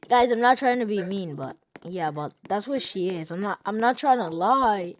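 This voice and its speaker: A woman hosting a gaming video, giving excitable, panicky commentary that keeps repeating itself and breaking into yelps. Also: mid-range voice, slow pace.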